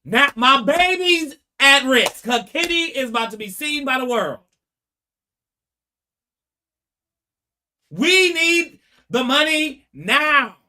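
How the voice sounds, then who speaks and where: A man acting out a scared middle-aged mother who pleads urgently and rises to near-shouts. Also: high voice, expressive, a little slow, pitched above the performer's own voice, heavily acted. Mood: frantic.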